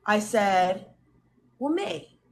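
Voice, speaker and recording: A young woman in casual chat, telling family stories with lively acted-out quotes. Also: medium pitch, drawn-out words, gravelly, slight background noise. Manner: animated, acts out family quotes. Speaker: guest.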